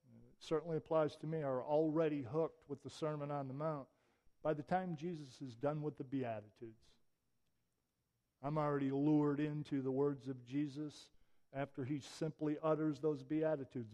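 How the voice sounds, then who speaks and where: A middle-aged man delivers a sermon in a relaxed, conversational way, with touches of wry humor. His speaking voice sits on the higher side for a man. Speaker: preacher.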